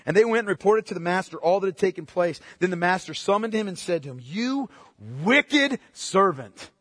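A man preaching a sermon with passion, firing rhetorical questions and swinging between loud outbursts and hushed asides. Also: high voice, quick pace, dry recording, clean studio sound, long reverb tail. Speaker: pastor.

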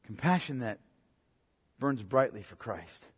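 A man preaching a sermon as pastor, impassioned, swinging between loud outbursts and low, quiet emphasis. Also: animated, measured pace, slightly rough. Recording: long hall reverb.

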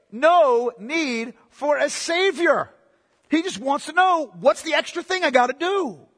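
A man preaching a sermon as pastor, swinging between loud emphatic bursts and hushed asides. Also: very high-pitched, in a large hall.

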